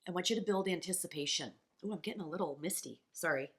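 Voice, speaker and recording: A woman's voice: lowish voice, fast talker. A woman co-hosting a podcast as a coach, talking in a passionate, blunt and profane way. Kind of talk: casual motivational podcast chat.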